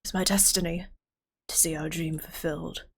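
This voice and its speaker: A woman voicing a solemn, determined figure in a hushed, breathy, near-whispered delivery. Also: fairly low pitch, flat delivery, moderate pace, voice pushed down.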